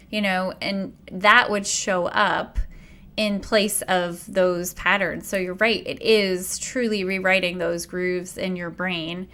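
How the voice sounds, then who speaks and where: A woman's voice: medium pitch, flat delivery, measured pace, bright, forceful tone, smooth. A woman hosting a podcast, talking in a reflective, affirming way in casual conversation. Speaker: podcast host.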